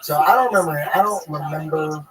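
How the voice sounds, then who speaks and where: A man telling a rambling, profane story in casual podcast chat, animated and full of restarts. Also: fairly high pitch, a little fast, crowd noise, rough recording.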